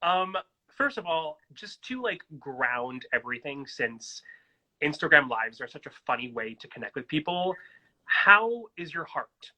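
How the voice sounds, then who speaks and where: Excitable bright-voiced male stream host. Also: a little high, measured pace, low-quality recording. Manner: excitable, gushing, chatty. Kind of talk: casual live-stream interview. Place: at home in New York. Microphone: phone on a social-media live stream.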